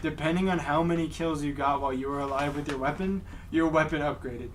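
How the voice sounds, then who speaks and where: A man with a fairly high voice joins a gaming chat, eager to add details, heard from a little way off the microphone. A faint noise runs under him. His delivery is casual and quick to jump in. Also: far from the mic.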